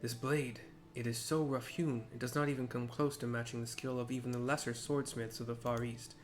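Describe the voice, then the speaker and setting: A man reading out a cold, formal master swordsmith from a game, a harsh father who speaks in measured, disdainful sentences. His voice sits in a middle pitch and stays close to an everyday delivery. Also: little pitch movement, slight background noise, lightly acted. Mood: stern.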